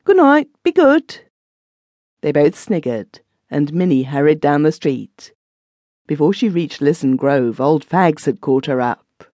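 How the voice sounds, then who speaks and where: A woman narrating a classic short story as an audiobook reader, in an expressive storytelling manner. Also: deep voice, a little slow, no echo. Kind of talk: scripted narration.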